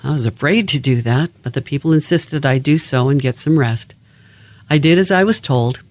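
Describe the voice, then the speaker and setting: A man reading a family memoir aloud in a steady, even-paced way. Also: a little high, moderate pace.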